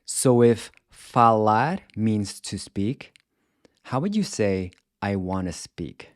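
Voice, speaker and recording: Man teaching, unhurried delivery, dry close sound, carefully sounds out words. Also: lowish voice, sing-song, no room sound. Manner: slow, careful, demonstrates pronunciation by repeating words. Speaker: language teacher. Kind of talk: scripted lesson narration.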